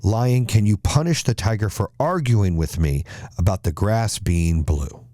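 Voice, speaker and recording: A man's voice: on the low side, a little slow, dark tone, no room sound, studio quality, natural voice. A man voicing a stubborn, foolish donkey in a fable he retells, speaking insistently.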